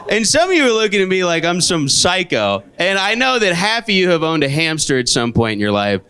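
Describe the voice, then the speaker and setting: A man in his late twenties does stand-up on a comedy club stage, telling stories in dry deadpan and suddenly leaping into high, exasperated voices. He talks a little fast with a clean tone, and audience laughter is heard.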